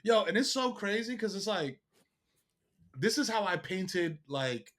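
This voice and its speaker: A man's voice: high-pitched, sing-song, a little slow, a bit bright. A man, a podcast guest, telling stories in a casual, slangy way, swearing often and putting on other people's voices. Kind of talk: casual chat.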